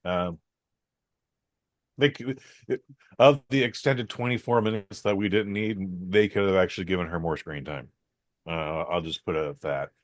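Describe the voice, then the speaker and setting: A man's voice: deep voice, moderate pace, long pauses, no echo. A man hosting a podcast, rambling through a casual film review with many fillers, restarts and some swearing.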